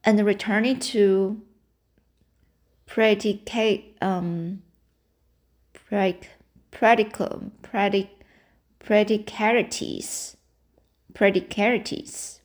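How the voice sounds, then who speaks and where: A woman reading a novel aloud, halting and restarting as she stumbles over words. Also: medium pitch, steady tone. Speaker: reader.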